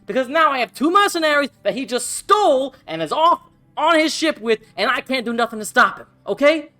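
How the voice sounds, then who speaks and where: A man voicing a portly human mercenary boss who shouts and curses in a fury. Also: fairly high pitch, moderate pace, soft background music, pitched above the performer's own voice. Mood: furious. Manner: shouting, cursing, fuming.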